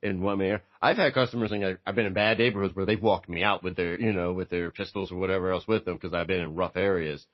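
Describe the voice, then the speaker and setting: Low-voiced male sales podcast host, animated storyteller; dry, slightly dull recording. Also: fast, hardly any pauses, no room sound. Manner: animated storyteller, acts out quotes with big pitch jumps. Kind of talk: casual storytelling chat.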